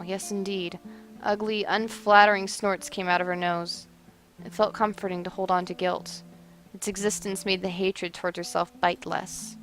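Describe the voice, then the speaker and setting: A woman reading a romance story aloud as narrator, expressive and measured. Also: mid-range voice.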